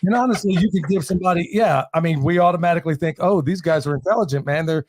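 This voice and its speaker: An American man hosts the interview and asks rambling, jokey questions. His voice sits a little high for a man, and the sound is dry and close. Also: fast talker, a little mellow, no echo. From United States. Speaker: host. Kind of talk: casual interview chat.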